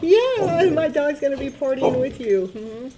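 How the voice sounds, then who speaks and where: A woman's voice: high-pitched, moderate pace, heavy background noise. A woman giving a casual tarot reading, chatting, laughing often and coaxing her dog. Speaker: tarot reader.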